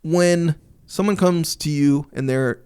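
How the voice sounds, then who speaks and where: A man's voice: on the high side, takes it slowly, warm tone, smooth. A man co-hosting a podcast in casual chat, agreeable and hesitant, with lots of fillers. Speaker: podcast co-host.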